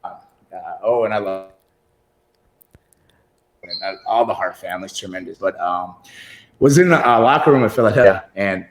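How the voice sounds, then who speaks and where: A man's voice: deep voice, normal speed, pauses often, roomy sound. A middle-aged man telling long, rambling stories as an interview guest on a computer video call, often laughing as he talks. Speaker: guest wrestler. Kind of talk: casual interview storytelling.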